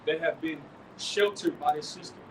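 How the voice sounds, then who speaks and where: High-voiced man preaching from afar. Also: moderate pace. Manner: emphatic, checks in with "all right?". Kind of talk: preaching in a scripture study. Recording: distant mic with loud outdoor noise.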